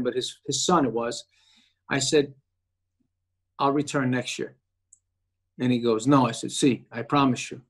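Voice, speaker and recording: Male actor guest, higher pitch, animated storyteller. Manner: animated storyteller acting out quoted voices. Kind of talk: casual storytelling.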